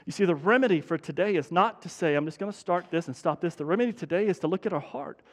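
A man's voice: high-pitched, fast. A man preaching a sermon as pastor, speaking conversationally and repeating his key points for emphasis. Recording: long hall reverb.

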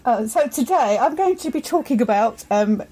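A woman chatting quickly on a podcast, introducing her lesson. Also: on the high side, animated, dark tone, breathy edge. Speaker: podcast guest teacher. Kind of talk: casual chat.

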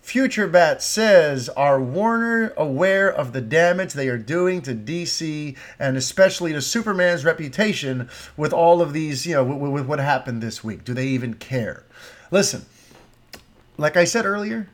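A man's voice: fairly high pitch, expressive, moderate pace. A young man hosting a solo podcast, talking passionately and rambling through tangents and listener questions. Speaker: podcast host.

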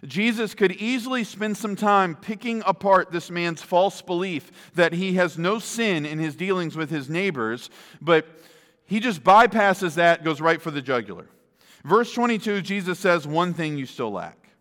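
A man's voice: high-pitched, a little slow, fairly bright tone, in a large hall. A man preaching a sermon, emphatic and often asking the listeners rhetorical questions.

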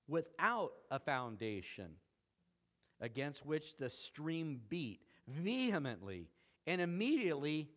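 A man's voice: fairly high pitch, a bit bright. A middle-aged male pastor preaching a sermon, emphatic, with dramatic quoted lines.

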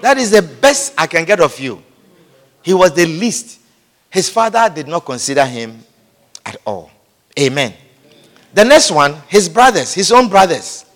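A man's voice: sits high, sing-song, unhurried, pauses often. A man preaching a sermon, emphatic and repeating his phrases, calling out amen, recorded in an echoey church hall.

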